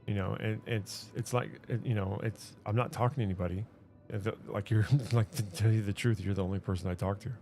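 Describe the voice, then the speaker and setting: A man with a low, gravelly, mellow voice talks while he plays, rambling through his stories. He trips over his words and restarts his sentences often. Quiet game music plays underneath. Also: fairly even intonation, fairly quick. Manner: hesitant, many restarts and fillers. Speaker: gaming streamer. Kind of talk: casual rambling chat while gaming.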